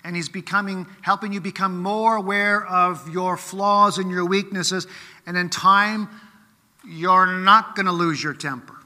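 A man's voice: sits high, fairly even intonation, a little slow, sharp tone, in a large hall. A man preaching a sermon in a conversational way, often checking in with rhetorical questions.

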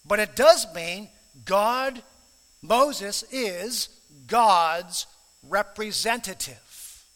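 A man's voice: high-pitched, drawn-out words, fairly bright tone, big-room sound. A man preaching a sermon in an earnest, emphatic way, stressing and repeating key phrases. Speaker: pastor.

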